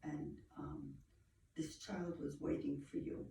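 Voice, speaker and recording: Halting woman medium, slow and gravelly. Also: low-pitched, dark tone. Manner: halting, searching, repeats phrases. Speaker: psychic medium. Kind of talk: medium reading for a family. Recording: echoey room from far off, faint noise.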